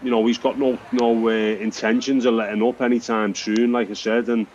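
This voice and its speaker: A man who used to box, answering as a radio pundit at a middle pitch. His speech is halting and thoughtful, full of restarts, and the audio sounds a little dull, with faint hum behind. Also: flat delivery, darkish tone. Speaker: former boxer, pundit. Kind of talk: radio sports chat.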